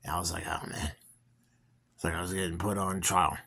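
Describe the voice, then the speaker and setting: A man's voice: deep voice, flat delivery, rapid-fire, vocal fry, bright, forceful tone, husky. A young man casually telling a personal story to viewers, rambling with many fillers and restarts. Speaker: vlogger.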